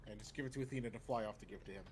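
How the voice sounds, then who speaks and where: A man playing a tabletop game, animated as he describes what happens. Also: on the low side, racing, a little hiss or hum. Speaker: player. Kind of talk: casual tabletop game chat.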